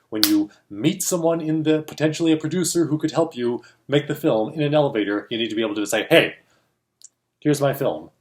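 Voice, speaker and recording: A man co-hosting a film industry chat, telling a story casually and animatedly, acting out the voices he quotes and laughing often. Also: medium pitch. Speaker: co-host of a film industry show.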